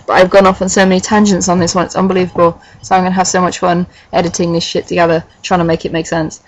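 A woman's voice: lowish voice, quick pace, highs cut off. Sarcastic woman reading aloud. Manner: sarcastic, deadpan asides with swearing. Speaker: reader and commentator of a fan fiction. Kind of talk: comic dramatic reading with sarcastic commentary.

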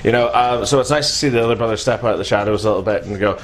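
A man's voice: on the low side, rapid-fire, few pauses, slight background noise. A man, co-hosting a casual review chat and swearing freely. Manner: animated, swearing, bursts into shouts and laughs. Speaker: podcast co-host reviewing robot fights.

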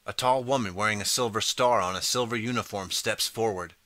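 A man reading a choose-your-path storybook aloud in the second person, steady and clear. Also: on the low side, a little fast, hardly any pauses, dry recording. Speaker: audiobook narrator.

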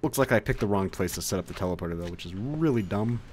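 Young male let's-player, low-pitched and very animated, cursing at everything, slight background noise. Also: quick pace. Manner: swears a lot, animated outbursts, talks to game mobs. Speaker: gaming video creator. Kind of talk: let's play commentary.

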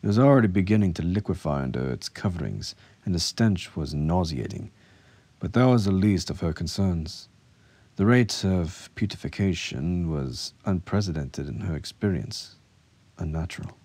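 A man narrating a dark fiction audiobook in an even, measured storytelling voice. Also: sits low, no echo. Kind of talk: dramatic fiction reading.

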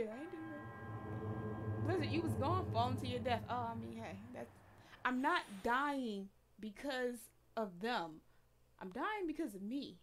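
Animated woman streamer, lively pitch. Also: measured pace, loud music behind the voice. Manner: animated, talks back to the game and chat, laughs often. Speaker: game streamer. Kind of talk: casual live gameplay commentary.

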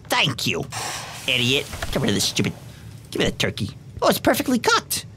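A woman hosting gameplay commentary, excitable and reactive, often breaking into shouts. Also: extremely low pitch, noisy background. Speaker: gaming video host. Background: game music.

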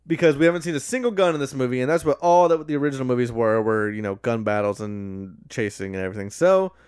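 A podcast co-host recaps a movie in fast, casual chat, his mid-range voice a little mellow and clean. The studio-quality recording has no echo, and he is sarcastic and profane, laughing at his own jokes.

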